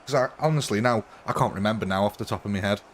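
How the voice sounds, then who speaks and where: A man's voice: fairly low pitch, rapid-fire, a little hiss or hum. Chatty British man streaming a game. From Britain. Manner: chatty, self-mocking, laughs often. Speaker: gaming streamer. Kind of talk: casual live-stream commentary.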